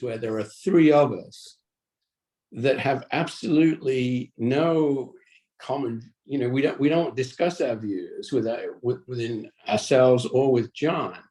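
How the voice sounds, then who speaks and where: Slow, hesitant man on a call. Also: medium pitch, darkish tone. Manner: hesitant, searching for words. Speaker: at-large workgroup member.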